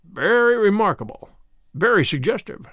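A man voicing a keen detective speaking in a measured, soothing way. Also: sits high, big pitch swings, fairly bright tone, no echo, clean studio sound, pitched above the performer's own voice. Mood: intrigued. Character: calm, keen male detective.

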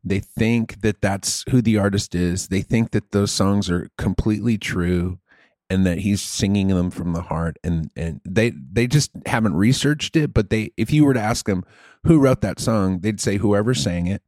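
A man's voice: lowish voice, moderate pace, darkish tone, dry recording, clean studio sound. A man hosting a casual comedy podcast, rambling and profane, restarting his sentences.

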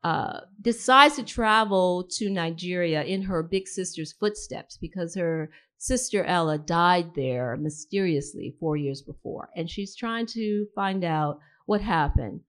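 At an indoor live reading event, a woman author tells the audience a chatty anecdote, giving animated voices to the dialogue. She speaks in a lowish voice at a measured pace, with hardly any pauses.

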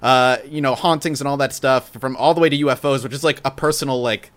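A man's voice: medium pitch, fairly even intonation, quick pace, a bit bright, clean tone. A man hosting a casual podcast chat, rambling and laughing often, with lots of "like". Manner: giggly, rambling, heavy use of "like". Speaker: podcast host.

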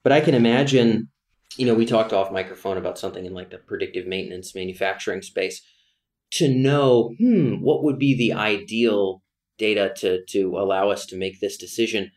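A man's voice: on the low side, normal speed, a little mellow. A man hosting an interview, fluently summing up the guest's points and asking follow-up questions. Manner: affirming, paraphrases guest, fluent. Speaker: podcast host. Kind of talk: conversational interview.

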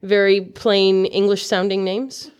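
A woman's voice: medium pitch, little pitch movement, measured pace, darkish tone, smooth. A woman playing a tabletop game at a live show, chatting casually. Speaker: player.

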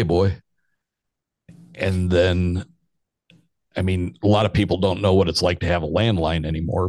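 A man in his fifties with a very low voice spins a casual personal story. He rambles, restarts his sentences and chuckles as he goes. The recording is close and dry. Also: darkish tone, no echo.

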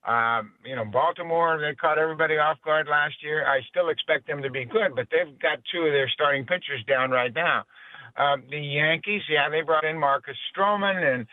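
A man who works as a baseball color analyst, calling into a radio show and giving a casual, halting breakdown full of "you know" fillers. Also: a little high, no echo. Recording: tinny phone line.

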